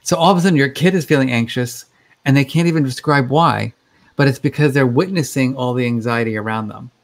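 A man's voice: mid-range voice, fairly quick. A man speaking as a guest expert in a conversational interview, explaining things in a chatty way with many fillers.

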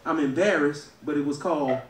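A male stand-up comedian from Louisiana with a Southern American accent, loud and crowd-working, laughing at his own jokes. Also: a little high, fairly quick, distant mic, a little hiss or hum. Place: comedy club stage. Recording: echoey club room, heard from afar.

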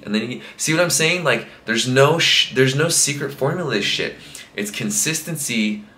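A man's voice: mid-range voice, animated, normal speed, pushed and bright. A young man talking casually to camera as a fitness coach, rambling with lots of fillers. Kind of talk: casual motivational talk to camera. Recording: echoey room.

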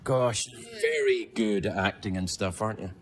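A man's voice: on the low side, moderate pace, noisy background. A man hosting a late-night talk show, teasing his guest with jokes. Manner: joking, teasing, animated. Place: TV studio with live audience.

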